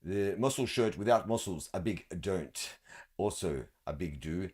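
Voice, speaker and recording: A man's voice: deep voice, expressive, unhurried, a little mellow, breathy edge. Guy swearing nonstop, sarcastic mock advice, roasting pics on his show. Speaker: show host roasting event photos. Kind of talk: crude comedic commentary.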